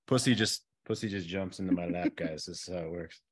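Deep-voiced male relationship coach. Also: fairly quick, breathy edge. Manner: animated, acts out example phrases. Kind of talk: coaching conversation.

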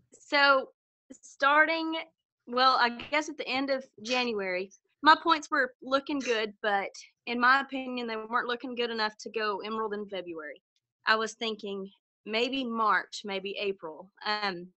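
Bright, chatty woman on a dry call. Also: on the high side, normal speed, no room sound, low-quality recording. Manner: chatty, self-deprecating, rambling with ums. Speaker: newly promoted team member sharing her story. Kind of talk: conference call testimony.

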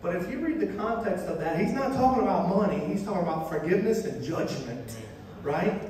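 A man preaching high-voiced, in an echoey hall. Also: animated, brisk, darkish tone. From Florida. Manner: conversational storytelling with humor. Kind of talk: sermon. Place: church sanctuary. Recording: echoey hall, voice far from mic, faint noise.

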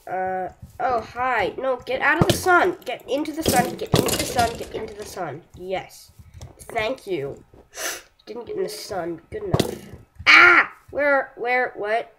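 A young woman chatting through her own gameplay, excitable and self-mocking, yelping and shouting at enemies between slow, rambling remarks. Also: medium pitch, very noisy. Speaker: gameplay streamer. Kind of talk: casual live commentary while playing a game.

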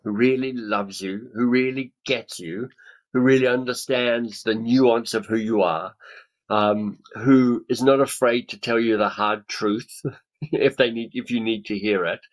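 A man in his fifties, a webinar speaker and author, runs a coaching webinar over a video call, speaking through his webcam. His mid-range voice has fairly even intonation and a slightly slow pace, and the recording is rough. He talks enthusiastically and acts out other people's reactions.

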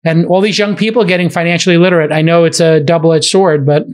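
A middle-aged man with a slightly higher voice hosts a podcast. He tells stories in casual chat, animated and often breaking into laughter. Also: fast talker. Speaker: podcast host.

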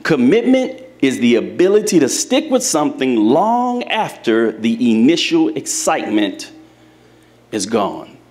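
A man's voice: mid-range voice, huge pitch swings, a little slow, darkish tone. A man preaching a sermon to a live congregation in church, speaking to them directly and telling folksy, humorous stories. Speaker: pastor.

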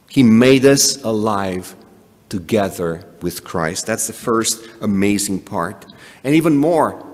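A man preaching a sermon, animated, often restarting and adding asides. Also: lowish voice. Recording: long hall reverb.

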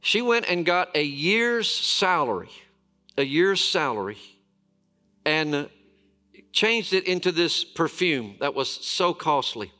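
A man, a lead pastor, preaching a sermon as a storyteller, with dramatic pauses and emphatic repetition. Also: on the high side, very animated, bright, forceful tone, soft background music.

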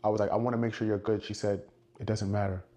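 A man telling an animated story and acting out the quoted lines of the people in it. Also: quick pace. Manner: acts out quotes, shifts pitch for dialogue. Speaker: storyteller in a played clip.

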